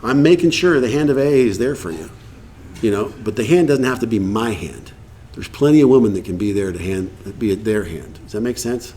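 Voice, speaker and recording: A man's voice: lowish voice, lively intonation, brisk, dark tone, a little hiss or hum. A man in his fifties speaking to a recovery meeting, telling his story in a candid, humorous, blunt way. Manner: acts out quoted dialogue. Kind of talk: casual storytelling talk to an audience.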